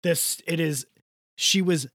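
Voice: mid-range voice, takes it slowly, fairly bright tone, no echo, studio quality. A podcast co-host in casual chat, ranting with passion and swearing a lot.

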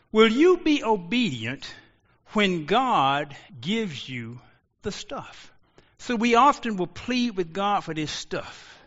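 A man preaching a sermon as pastor, rising to shouts and slowing into drawn-out pauses. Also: high voice. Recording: lo-fi audio with long reverb.

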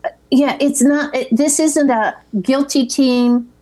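A woman's voice: sits high, steady tone, slow, dark tone. A woman co-hosting a podcast, chatting casually as she retells film scenes and acts out the quoted lines. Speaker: podcast co-host. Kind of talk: casual chat recapping a film.

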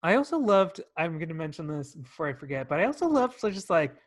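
A man's voice: on the high side, big pitch swings, fast. A man co-hosting a casual film review chat, retelling scenes with acted-out quotes and swearing. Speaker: podcast co-host.

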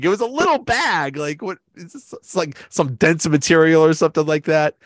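A man's voice: on the high side, expressive, moderate pace, few pauses, no room sound, clean studio sound. A man hosting a podcast in casual chat, talking loosely, laughing often and acting out quotes. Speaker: podcast host.

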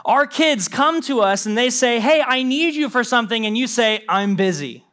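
A young adult man, a pastor, preaching a sermon with animated storytelling and mimicked voices. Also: very high-pitched, moderate pace, clean tone.

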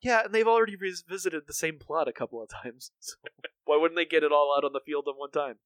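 Talking at a quick pace, this podcast co-host loosely recaps a cartoon episode, stumbling through lots of fillers and restarts. His voice is on the high side and a bit bright, recorded with no room sound.

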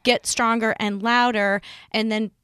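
A woman hosts a podcast, her voice smooth and clear. She feels her way through long questions, thinking aloud as she goes. The recording is dry and close. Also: on the high side, level tone, unhurried, fairly bright tone, no room sound. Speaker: podcast host. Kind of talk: interview conversation.

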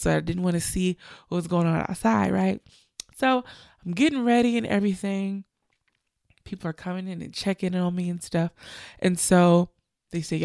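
A woman's voice: mid-range voice, vocal fry, dry recording, studio quality. A young woman, a bride-to-be, chatting to her viewers in an emotional, gushing storytelling style. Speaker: bride-to-be vlogger.

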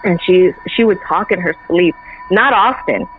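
A woman telling a personal story in casual chat, animated and laughing often, acting out the lines she quotes. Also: on the low side, normal speed, narrow, tinny audio, faint music behind. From Central Texas. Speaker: guest.

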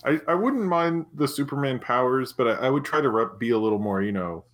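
A man's voice: mid-range voice, lively intonation, brisk. A man in a casual group chat, talking in a laid-back, hesitant way.

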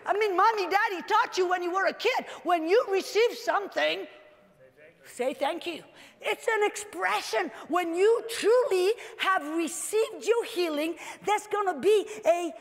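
A woman preacher giving an animated sermon that builds up to shouts. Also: extremely high pitch, vocal fry, in a large hall.

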